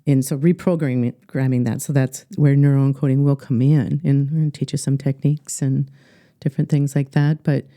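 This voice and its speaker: A middle-aged woman with an Upper Midwest American accent, a life coach telling her story earnestly in a podcast interview, halting with many fillers. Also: very deep voice, steady tone, dark tone, no echo.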